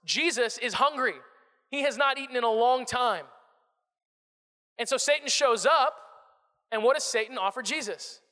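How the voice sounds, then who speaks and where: A man preaching a sermon in a high, bright voice, chatty and animated, doubling up his words as he gets going. The sound carries a long reverb from a church hall. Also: normal speed, pauses often. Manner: conversational, animated, repeats words when starting phrases. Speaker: pastor.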